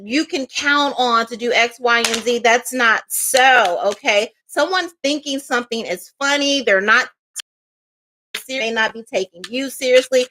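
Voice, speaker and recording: A woman with a bright, slightly high voice talks her way through a tarot reading. She rambles in a chatty, offhand way, full of fillers and little asides. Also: slight background noise. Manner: chatty, loose storytelling with many fillers and asides. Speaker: tarot reader. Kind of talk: casual tarot reading monologue.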